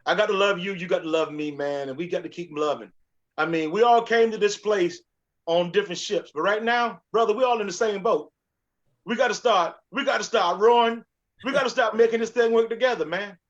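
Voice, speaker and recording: A man's voice: high-pitched, a little fast, muffled recording. A man speaking as a guest on a talk show, giving an earnest, sermon-like message of encouragement. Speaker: guest, sauce maker. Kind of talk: casual talk, preacher-like encouragement.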